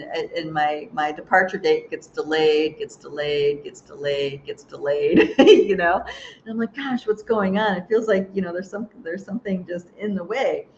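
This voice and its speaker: A woman hosting a live spiritual chat, reading viewer comments aloud and rambling through a story with frequent laughs and restarts. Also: lowish voice. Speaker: host. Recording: dull lo-fi sound with faint hiss.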